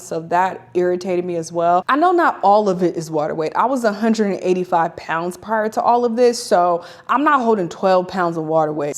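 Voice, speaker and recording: A woman's voice: medium pitch, darkish tone. A woman talking candidly and emotionally in a casual home vlog, chatty and full of "like"s. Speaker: vlogger. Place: at home in an apartment.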